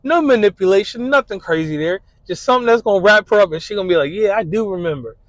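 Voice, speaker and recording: A man's voice: high-pitched, lively intonation, quick pace, dry recording, rough recording. A man talking casually in a laid-back, slangy way, full of "you know" fillers, as he describes his ideal date. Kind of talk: casual spoken monologue.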